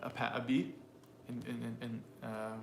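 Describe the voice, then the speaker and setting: A man's voice: mid-range voice, little pitch movement, moderate pace, gravelly, background noise. Rambling man explaining in an echoey room. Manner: rambling, restarts, playful demonstrations of voices. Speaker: co-host, English teacher. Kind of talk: casual explanatory chat. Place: room with a piano. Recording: echoey room, faint ambience.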